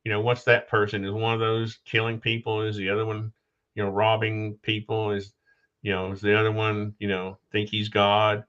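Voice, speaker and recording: A man hosting a casual podcast conversation, talking haltingly with restarts, losing his train of thought and coughing now and then. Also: lowish voice, monotone, fairly bright tone. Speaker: podcast host. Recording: dull lo-fi sound.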